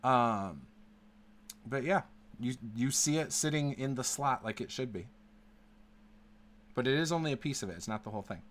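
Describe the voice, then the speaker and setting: A man narrating a tabletop game as game master, halting with many fillers. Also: mid-range voice, lively intonation, fairly bright tone. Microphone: online call.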